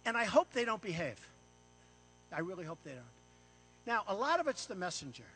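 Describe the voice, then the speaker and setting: American man, high voice, swooping lively delivery, boastful repeated punchy phrases, speech to a room. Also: brisk, breathy edge. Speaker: paid speaker. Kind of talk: off-the-cuff speech to a live room. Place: event room with an audience.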